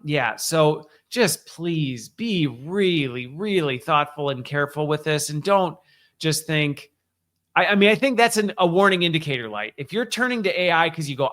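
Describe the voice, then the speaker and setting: Guy doing a weekly update, chatty and emphatic, kinda high voice. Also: fairly bright tone. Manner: conversational, emphatic, frequent restarts and "like". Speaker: host of a weekly update show. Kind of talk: casual solo commentary.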